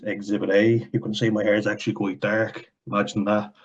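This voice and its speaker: A man's voice: fairly low pitch, flat delivery, fairly quick, slightly rough, muffled recording. A young Irish man with a blunt, sarcastic, sweary way of talking, reacting to comments in casual commentary. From Ireland.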